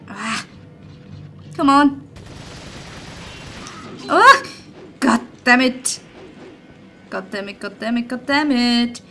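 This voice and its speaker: Young woman doing a let's play, slow talker, kinda high bright voice, freaks out and swears a lot. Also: a little hiss or hum. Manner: jumpy, swearing, nervous laughter. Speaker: gaming channel host.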